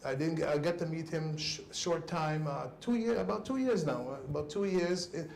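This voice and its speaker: Gravelly, earnest man in an echoey room. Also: a little high, slight background noise. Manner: earnest and halting, with soft trailing phrases. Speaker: guest on a cycling talk show. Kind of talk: casual spoken tribute.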